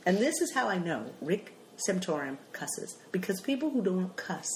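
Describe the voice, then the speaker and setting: A woman telling funny family stories in casual chat, animated and full of acted-out voices. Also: fairly low pitch, normal speed, slight background noise. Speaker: comedian storyteller. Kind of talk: comic storytelling chat. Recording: echoey room.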